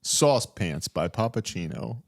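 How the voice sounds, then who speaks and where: A man's voice: lowish voice, animated, slow. A young man co-hosting a comedy podcast, joking and laughing through casual banter. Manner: jokey, laughing, riffs with playful quoted voices. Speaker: podcast co-host.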